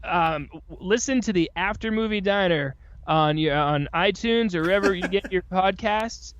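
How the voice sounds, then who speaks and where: High-voiced man ranting on a podcast. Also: moderate pace, lo-fi sound. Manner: animated, ranting, mocks ad voices. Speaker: podcast guest. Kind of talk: casual chat.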